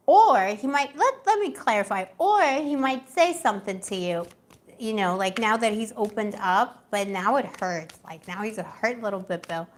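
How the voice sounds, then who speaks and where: A woman's voice: mid-range voice, expressive, normal speed. A young woman doing a live tarot reading in a casual, chatty way, laughing often and talking with lots of fillers. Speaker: tarot reader.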